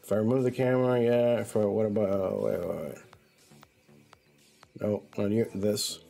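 A man's voice: fairly low pitch, steady tone, normal speed, vocal fry, dark tone. A man streaming a game and chatting loosely with viewers, swearing freely and rambling through frequent restarts and fillers. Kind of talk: casual stream chat. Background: faint music.

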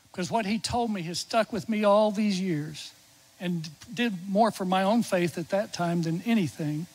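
A middle-aged man, a chaplain preaching in church, telling a story that drops to a hush when he quotes a dying man. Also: high-pitched, low-quality recording. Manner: tells the story warmly, drops to a near-whisper when quoting the dying man. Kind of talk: sermon storytelling. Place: church sanctuary.

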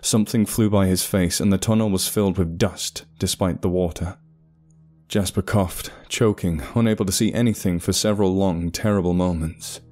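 A man narrating a horror story in a measured, ominous way. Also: sits low, steady tone, darkish tone. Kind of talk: scripted narration. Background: faint music.

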